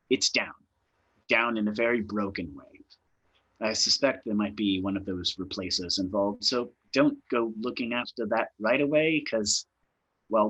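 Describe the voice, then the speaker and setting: A man narrating as game master of a tabletop game, explaining calmly and trailing off at times. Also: on the low side, husky, rough recording. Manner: unhurried, explains in plain terms, trails off at times.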